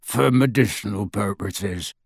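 A man voicing a huge, gruff half-giant who speaks slowly and heavily. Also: lowish voice, no echo, studio quality, voice pushed down, exaggerated voice. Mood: shaky. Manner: gruff, slow and heavy.

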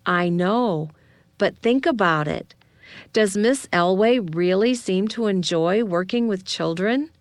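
A woman voicing an excited teenage girl spinning a theory, eager and conspiratorial, in a smooth, unhurried read. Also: medium pitch, dry recording, lightly acted.

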